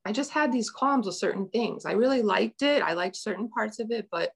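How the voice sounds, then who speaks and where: A woman's voice: medium pitch, lively intonation, fairly quick, vocal fry, husky. A middle-aged woman telling a personal story as a guest, earnest and rambling, with many restarts.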